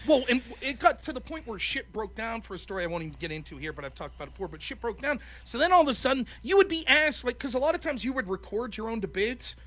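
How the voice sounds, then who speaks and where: A man's voice: very high-pitched, very animated, fast talker, hardly any pauses, fairly bright tone. A man hosting a podcast, telling a story in casual, profane chat and mocking the people he quotes in put-on voices. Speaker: podcast host.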